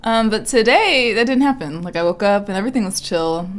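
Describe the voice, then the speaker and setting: A young woman co-hosting a podcast, telling a story in a giggly, animated, casual way. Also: medium pitch, fairly quick. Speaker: podcast co-host. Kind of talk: casual chat.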